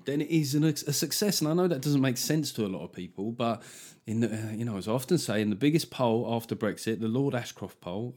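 Sarcastic man ranting solo. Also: mid-range voice. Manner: sarcastic, swearing, animated impressions. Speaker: podcast host. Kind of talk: solo comedic political rant.

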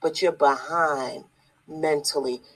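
A husky-voiced online preacher delivering a blunt, scolding sermon. The speaker repeats key lines for emphasis and keeps firing rhetorical questions at the audience. The voice carries a breathy, rough edge. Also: medium pitch, steady tone, slow, rough recording. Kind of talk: preaching video.

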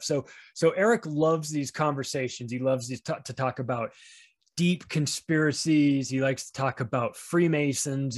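A man chatting on a podcast, telling rambling stories with lots of restarts. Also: mid-range voice. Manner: rambling, animated storytelling with frequent restarts. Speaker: podcast guest. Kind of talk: casual podcast chat.

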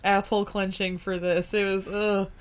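A woman's voice: medium pitch, little pitch movement, normal speed. A woman co-hosting a podcast in a casual, giggly and crude joking manner. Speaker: podcast co-host. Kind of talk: casual chat.

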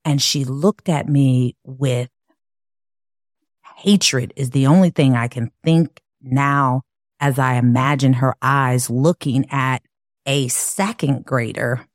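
A woman from Chicago telling her own life story in an earnest, measured, reflective way. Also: a bass voice, no echo, studio quality. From Chicago, USA. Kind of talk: personal storytelling.

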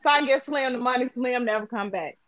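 A woman's voice: a little high, a little fast, fairly bright tone. A woman hosting a casual phone-chat podcast, telling a story and acting out the voices of the people in it. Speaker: podcast host.

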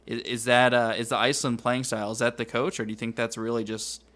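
A man's voice: medium pitch, flat delivery, quick pace, a bit bright. A man co-hosting a casual podcast chat, making sarcastic jokes as he talks. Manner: joking, sarcastic asides. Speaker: podcast co-host.

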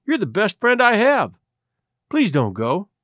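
A timid young female moth from a storybook, her voice lifted high and lively as she pleads earnestly, put on by a man narrating. She speaks close and dry, tender and anxious. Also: measured pace, no room sound, exaggerated voice. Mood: pleading.

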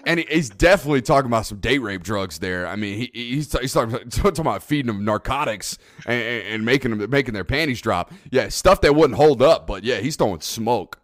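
Lively, animated podcast host man. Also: medium pitch, a little fast, hardly any pauses, dry recording, studio quality. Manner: animated, profane, hype. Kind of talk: casual chat.

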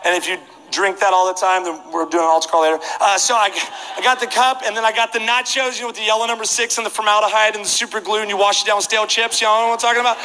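A male preacher telling a comic story in an animated way, acting out voices, in a large hall. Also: high-pitched, very fast, slight background noise. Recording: reverberant hall, faint ambience.

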